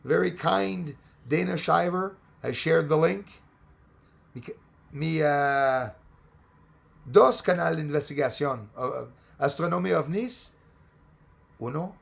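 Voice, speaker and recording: Canadian man, gravelly voice, loose jokey stream host reading chat aloud. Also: fairly high pitch, slow pace, pauses often. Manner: rambling, jokey, greets viewers by name. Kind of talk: casual live chat.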